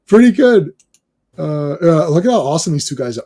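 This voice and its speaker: Brief: male co-host, high husky voice, excitable rambling chat. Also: moderate pace, long pauses. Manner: excitable, rambling, jumps between topics. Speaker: podcast co-host. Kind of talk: casual chat reviewing a cartoon.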